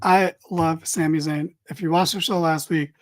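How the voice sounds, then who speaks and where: A woman's voice: low voice, fairly even intonation, moderate pace. A woman giving a casual, opinionated wrestling recap, blunt and swearing freely as she reads viewer comments. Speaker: wrestling show reviewer.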